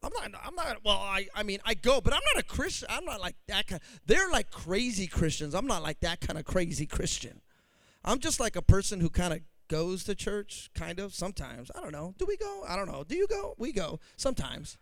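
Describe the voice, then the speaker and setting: Preacher puts on a stammering, evasive man, muttered low and soft. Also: big pitch swings, brisk, no room sound, clean studio sound, heavily acted. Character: sheepish man hedging about his faith.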